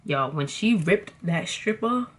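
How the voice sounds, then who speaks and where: A young woman tells a storytime to her viewers in a casual chat. She is animated and dramatic, leans on slang and calls her audience y'all. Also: lowish voice, unhurried, husky. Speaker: vlogger.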